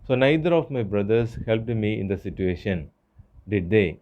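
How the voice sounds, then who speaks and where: A man teaching an English grammar lesson, explaining step by step with frequent pauses and fillers. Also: on the low side, animated, muffled recording. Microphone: phone screen recorder.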